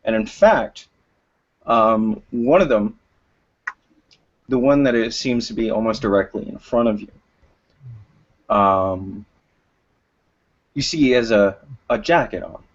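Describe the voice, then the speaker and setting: Guy game-mastering a tabletop rpg, lots of uhs, dull muffled recording. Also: fairly low pitch. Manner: slow, hesitant narration with many fillers. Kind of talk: narrating a tabletop role-playing game.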